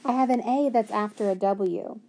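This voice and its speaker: A woman's voice: medium pitch, normal speed, darkish tone. A woman teaching a phonics lesson, stretching out word sounds and asking and answering her own questions.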